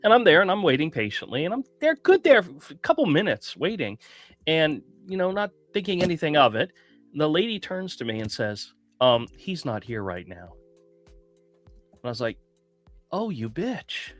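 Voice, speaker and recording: A man hosting a casual talk show, telling a long story in an animated, indignant way. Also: fairly high pitch, moderate pace, no room sound, faint music behind. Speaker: podcast host. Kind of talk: casual chat.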